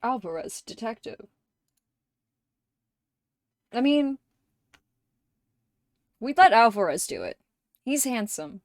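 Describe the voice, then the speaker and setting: A woman streamer chatting casually with her viewers, animated and profane, laughing often and acting out quotes in squeaky voices. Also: slow, pauses often, no room sound, clean studio sound.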